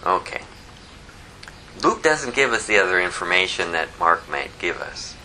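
A man teaching verse by verse from the Bible, lively and conversational, who chuckles at his own asides. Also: low-pitched, moderate pace, slight background noise, low-quality recording.

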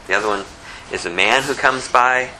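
A pastor teaches the Bible verse by verse, reading scripture aloud and explaining it plainly in a conversational way; he has a slight lisp and mentions it himself. His medium-pitched voice is sharp at a normal speed, on a rough recording with slight background noise.

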